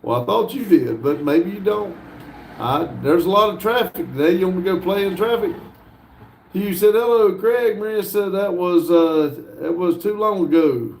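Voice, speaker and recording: A man hosting a casual livestream, reading viewer messages aloud in an unhurried way, with frequent fillers and chuckles. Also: high voice, a little mellow, echoey room, a little hiss or hum. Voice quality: laid-back, chuckles often between messages. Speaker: livestream host.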